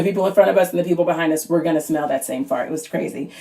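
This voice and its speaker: A woman in her thirties doing a stand-up comedy monologue at home, chatty and animated, sometimes squeaking out her kids' lines. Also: fast, hardly any pauses, a little hiss or hum. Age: 30s. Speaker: stand-up comic auditioning.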